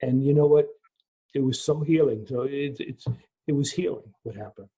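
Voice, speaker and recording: A man lecturing in a Q&A over a video call, telling a personal story in an animated way, acting out dialogue and often restarting his sentences. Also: medium pitch, moderate pace, husky. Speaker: lecturer answering questions. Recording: muffled lo-fi video call audio.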